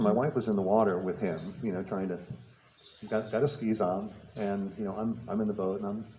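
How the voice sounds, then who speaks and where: Low, mellow-voiced man telling a story. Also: reverberant, rough recording. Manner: storytelling, repeats words, laughs at own story. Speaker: speaker. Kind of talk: public talk with personal story. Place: talk venue.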